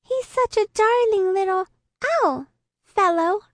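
A woman's voice: very high-pitched, slow pace, dry recording, pitched above the performer's own voice. A woman voicing a cheerful, naive little girl who dotes on a monster pet, in a gushing sing-song way. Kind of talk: audiobook character voice.

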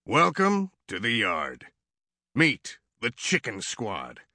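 Man voicing a retired rescue dog, laconic, clipped, dry studio sound, bright tone, slow pace. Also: mid-range voice, wildly swooping pitch, no room sound, full character voice. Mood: deadpan. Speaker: audiobook reader. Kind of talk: audiobook narration.

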